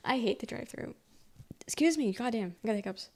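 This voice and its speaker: A soft-spoken woman streamer rambling through a story in casual chat, swearing freely. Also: on the high side, brisk.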